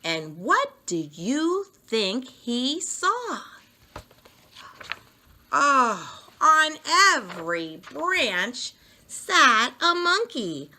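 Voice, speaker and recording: A woman reading a children's picture book aloud with a very expressive, sing-song delivery. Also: high voice, very slow. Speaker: storyteller. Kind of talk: children's story read-aloud.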